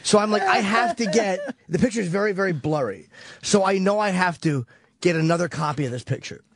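High-voiced man telling a profane story. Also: animated, quick pace, gravelly, dry recording, studio quality. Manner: profane, rambling, vivid retelling. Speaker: radio show regular. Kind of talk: casual radio storytelling.

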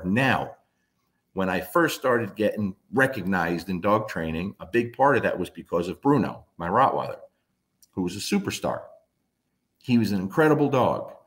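A man with a lowish voice tells stories about raising and training his dogs. He talks casually and bluntly, with the odd curse, and slips into quick impressions of the dogs and people in his stories. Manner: animated, acts out his dogs and friends in quick asides. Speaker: dog trainer. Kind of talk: casual storytelling talk.

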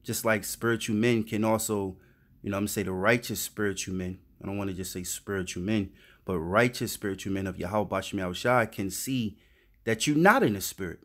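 Dude with a lowish voice reading bible verses then breaking em down in slang, keeps saying man. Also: brisk. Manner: reads verses then riffs in slangy street talk, says "man" a lot. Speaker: street preacher. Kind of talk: informal scripture teaching.

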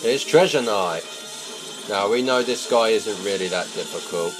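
A man gives playful, sweary commentary as he plays a video game. His voice is low but lively in its swings, with game music running behind him. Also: normal speed. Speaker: let's play commentator.

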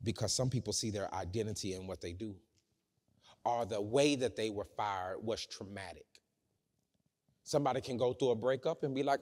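A man preaching a sermon in a church, swinging between loud shouting and low, hushed talk. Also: moderate pace. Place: church sanctuary. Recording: church hall reverb.

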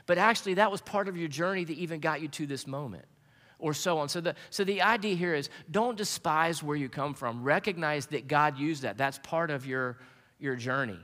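A man preaching to his congregation, his voice bright and forceful and a little high. He tells stories earnestly, often restarting his phrases. The sound rings with a long reverb from the church sanctuary. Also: normal speed. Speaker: pastor. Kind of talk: sermon.

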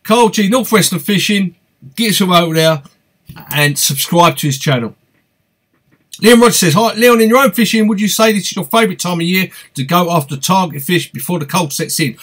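A man's voice: sits high, brisk, a bit bright. A man with an East London accent hosting a live fishing Q&A stream, chatty and upbeat, reading out viewer comments and greeting people by name. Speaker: fishing channel host.

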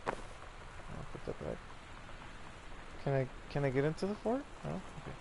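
A man giving casual let's-play commentary, excitable and profane, reading in-game notes aloud. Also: fairly high pitch, normal speed, vocal fry, background noise. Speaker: gaming YouTuber.

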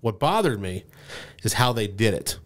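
A man's voice: lowish voice, moderate pace. A man co-hosting a movie podcast, talking animatedly and acting out quoted lines in casual chat. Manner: animated, acts out quoted lines, laughs often. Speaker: podcast co-host.

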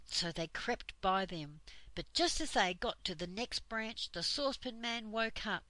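Slow, bright older woman reading aloud. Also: medium pitch, animated, no room sound, poor audio. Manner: slow, gentle storytelling. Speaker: storyteller. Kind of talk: reading a children's book aloud.

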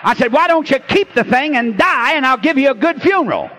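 Male revivalist preacher, soaring animated delivery, folksy storyteller, loud call-and-response sermon. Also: extremely high pitch, slight background noise. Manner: preaching with shouted, drawn-out refrains and folksy storytelling. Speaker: pastor. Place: church before a congregation.

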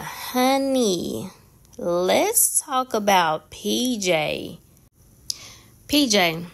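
Hoarse, gravelly woman chatting slowly. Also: medium pitch. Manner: chatty, talks straight to viewers with frequent "y'all". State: hoarse, voice nearly gone. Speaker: nail channel host. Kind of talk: casual chat to viewers.

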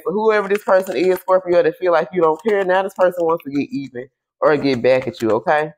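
A man giving a casual tarot reading to camera. He keeps checking in with "okay?" and "y'all", swears freely, and draws his questions to Spirit out slowly while he shuffles. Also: a little high. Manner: chatty, tags lines with "okay?" and "y'all". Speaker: tarot reader.

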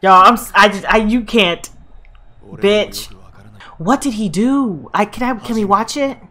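A woman hosting an anime reaction video, talking back to the screen, cursing often and shouting when excited. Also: mid-range voice, unhurried. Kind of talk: casual reaction commentary.

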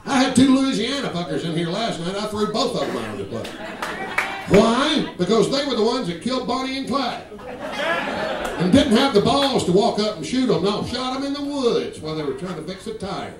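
A stand-up comedian with a Georgia accent, talking brash and profane and mimicking regional accents. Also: male voice, sits high, very animated, brisk, crowd noise. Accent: Southern US, Georgia. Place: comedy club stage. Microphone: stage microphone. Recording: roomy live club recording from a distance. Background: audience laughter.

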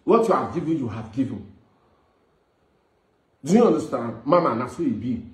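A man's voice: mid-range voice, very animated, normal speed. Pleading Nigerian man, echoey room. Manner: earnest and pleading, softening to gentle appeals. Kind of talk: pleading commentary.

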